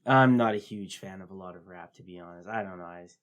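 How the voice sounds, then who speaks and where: A man co-hosting a podcast, telling a story in a relaxed, halting way with many fillers. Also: sits low. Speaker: podcast co-host. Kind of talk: casual chat.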